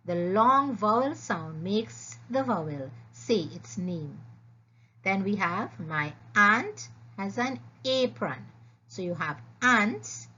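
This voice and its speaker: Slow, husky teacher woman. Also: mid-range voice, lively intonation, pushed and bright. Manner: slow, clear, instructive, repeating sounds. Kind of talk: phonics lesson narration. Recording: dull lo-fi voice-over.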